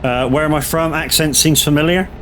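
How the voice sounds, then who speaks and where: A gaming streamer from Southwest England with a West Country accent chats casually on his stream, relaxed as he reads viewers' messages aloud and answers them. His voice is on the high side and fairly quick, with a little hiss or hum.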